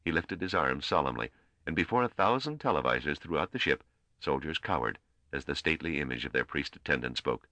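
A man narrating an audiobook in a measured, low-key way. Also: expressive, bright, forceful tone, no echo.

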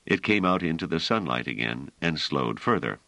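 Guy reading an audiobook, really deep voice, lively ups and downs, dry close sound. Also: normal speed, gravelly, no echo. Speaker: audiobook narrator. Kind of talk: scripted narration.

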